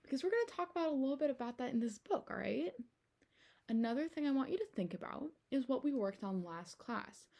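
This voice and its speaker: A woman's voice: high voice, brisk, creaky. A young adult woman teacher reading a picture book aloud to her class, asking the children questions as she goes. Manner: animated storytime delivery with questions to children.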